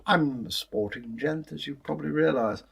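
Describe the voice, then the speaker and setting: A man voicing a pompous male devil who calls himself a sporting gentleman, in a told folktale. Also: on the high side, normal speed, gravelly, husky, full character voice.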